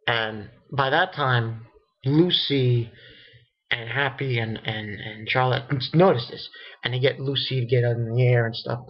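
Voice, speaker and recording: A man giving a casual spoken recap of an anime episode, excitable and rambling, often laughing and restarting his sentences. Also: medium pitch, a little slow, muffled recording.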